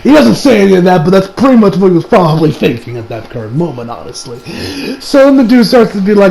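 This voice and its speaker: A man recapping an anime episode in casual, rambling talk, full of laughs and swearing. His voice sits high and has a gravelly rasp. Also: big pitch swings, fast, darkish tone, poor audio. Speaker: anime reviewer.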